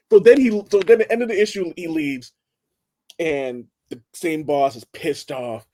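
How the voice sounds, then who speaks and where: A man co-hosting a podcast, telling a comic story in a casual, excitable way, acting out the characters' lines and swearing freely. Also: fairly high pitch, takes it slowly, pauses often. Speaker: podcast co-host. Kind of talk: casual chat.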